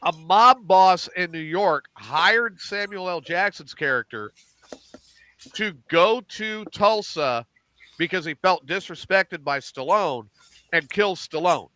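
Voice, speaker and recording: A middle-aged man hosting a casual podcast, animated and profane, acting out lines as he recaps TV shows. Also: high-pitched, slow, no echo. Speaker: podcast host.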